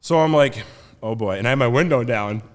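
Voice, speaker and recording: A man in his thirties, a podcast guest, telling a story in a casual, animated way with lots of laughs and fillers. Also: mid-range voice, quick pace, a crowd in the background. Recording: roomy studio reverb.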